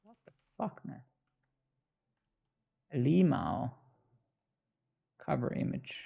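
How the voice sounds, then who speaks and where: Gravelly, slow-talking sarcastic man. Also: medium pitch, big pitch swings, lo-fi sound. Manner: sarcastic and profane, mocking his chat. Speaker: live-coding streamer. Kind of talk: casual live-stream banter while coding.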